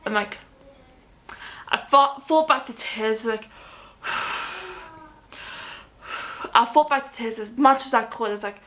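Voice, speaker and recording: A young woman with a somewhat high voice tells a personal story straight to camera. She rambles, restarts her sentences and acts out both sides of a conversation. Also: normal speed, sharp tone. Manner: rambling, with many restarts and quoted dialogue. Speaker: vlogger.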